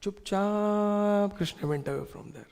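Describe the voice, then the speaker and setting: A man, teaching a scripture class and telling stories in an animated way, asking the audience questions. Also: sits high, moderate pace. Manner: animated, asks the audience questions, uses gestures. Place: temple hall. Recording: long reverb in a temple hall.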